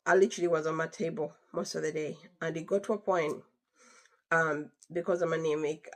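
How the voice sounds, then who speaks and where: A young adult woman casually telling a story to her viewers, emphatic and chatty, repeating phrases for stress. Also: sits low. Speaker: vlogger telling a work story.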